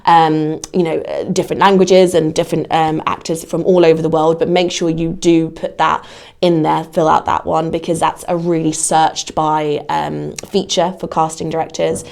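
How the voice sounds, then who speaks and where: A woman's voice: low voice, flat delivery, moderate pace, creaky, a little mellow. A woman giving career advice in a podcast interview, talking conversationally with lots of "you know". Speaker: guest, casting platform adviser.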